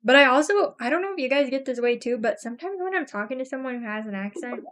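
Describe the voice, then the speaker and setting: A woman's voice: sits high, animated, fast talker, fairly bright tone. A young woman streamer chatting casually while crafting, rambling with lots of fillers and frequent giggles.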